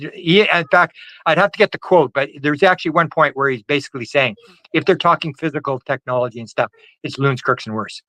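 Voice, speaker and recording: Over a video call microphone, a UFO researcher guest recounts a story with animation, stumbling and restarting often and raising his voice to perform quoted lines. He sounds a little high, bright, and forceful, the audio echo-free but low in quality.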